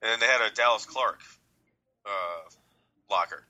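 Excitable Midwestern podcast co-host. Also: male voice, on the low side, measured pace, highs cut off. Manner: excitable storyteller, acts out quotes, laughs often. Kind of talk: casual chat.

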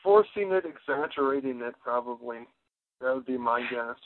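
A man's voice: medium pitch, level tone, normal speed, no room sound. A man co-hosting a casual wrestling podcast, giving blunt, emphatic opinions. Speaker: podcast co-host. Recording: dry, phone-like narrow sound.

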